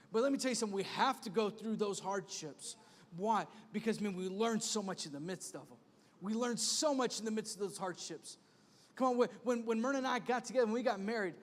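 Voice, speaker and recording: A man in his thirties, a pastor preaching an animated sermon with punchy repeated refrains. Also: high-pitched. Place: church sanctuary. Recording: long reverb of a church hall.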